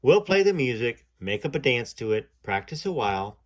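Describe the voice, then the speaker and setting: A man's voice: mid-range voice, big pitch swings, normal speed. A man voicing a friendly, encouraging male television producer in a read-aloud memoir. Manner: encouraging, upbeat.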